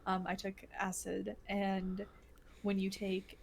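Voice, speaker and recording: A woman's voice: medium pitch, monotone, slow pace, creaky, slight background noise. A woman co-hosting a podcast in casual chat, rambling with many fillers and restarts. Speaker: podcast co-host.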